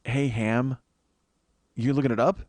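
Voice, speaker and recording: A man's voice: mid-range voice, fairly even intonation, unhurried, a little mellow. A man hosting a comedy podcast, telling a long rambling story in a profane, self-mocking way. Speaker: podcast host. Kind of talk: comedic monologue.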